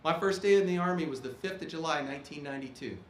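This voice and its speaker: A man's voice: fairly high pitch, quick pace, a little hiss or hum. A man in his fifties, an Army officer, giving a ceremony speech in an emphatic, plain-spoken way that keeps checking in with the audience. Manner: emphatic, punctuates points with "okay?". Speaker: guest speaker, Army officer. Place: performing arts auditorium. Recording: echoey auditorium.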